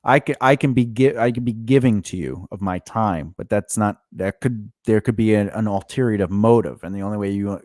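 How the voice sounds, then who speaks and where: A man's voice: lowish voice, a little mellow, no echo, clean studio sound. A man co-hosting a casual podcast, questioning and teasing his guest and stopping to restart his thoughts. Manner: probing, teasing, with frequent laughter; restarts and trails off into mumbles. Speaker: podcast co-host. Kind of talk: casual conversation.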